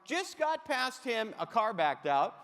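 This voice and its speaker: A man's voice: extremely high pitch, sing-song, measured pace, fairly bright tone. A middle-aged man giving a comic motivational keynote, telling punchy stories with asides to the audience on a stage mic in a large conference hall. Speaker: keynote humorist. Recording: echoey hall reverb.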